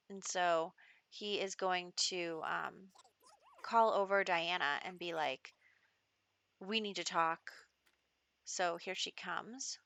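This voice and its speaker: A woman narrates her game's storyline in a chatty, easygoing style, with plenty of "you know" and "um". Her voice is lowish yet bright and forward, and it is recorded dry and close with hardly any room sound. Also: no room sound. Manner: chatty, storytelling with many fillers. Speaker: gaming channel host. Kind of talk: let's play narration.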